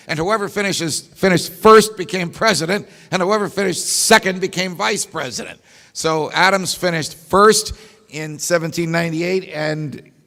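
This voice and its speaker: A man's voice: a little high, fairly bright tone. A man giving a lecture-style keynote speech, an emphatic storyteller who poses rhetorical questions and drops wry asides. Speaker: keynote speaker. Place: large meeting hall. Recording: long hall reverb.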